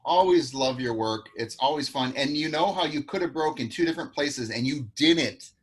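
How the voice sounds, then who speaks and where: A man's voice: a little high, moderate pace, a little hiss or hum. A man teaching an online acting class over a video call, giving direct, encouraging feedback and practical tips to his students. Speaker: acting coach.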